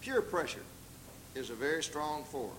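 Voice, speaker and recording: Older Southern preacher with lively swings. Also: male voice, moderate pace, slight background noise, low-quality recording. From American South. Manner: dramatic, acts out quoted voices with big pitch leaps. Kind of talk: sermon.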